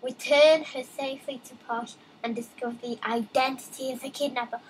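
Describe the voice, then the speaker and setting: A young woman casually commenting while playing a game, reading on-screen text aloud with excitable, chatty asides. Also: sits high, fairly quick, a little hiss or hum, low-quality recording. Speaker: let's play gamer.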